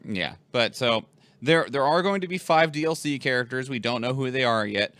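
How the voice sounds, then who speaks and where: A man's voice: mid-range voice, normal speed, a bit bright, no room sound. A man co-hosting a podcast in casual chat, rambling with lots of fillers and laughs. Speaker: podcast co-host.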